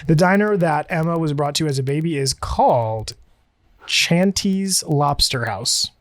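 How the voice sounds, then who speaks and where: A man's voice: a little high, expressive, unhurried, no echo, studio quality. A man co-hosting a podcast, chatting casually and rambling, often interrupting himself and laughing. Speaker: podcast co-host. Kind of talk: casual chat.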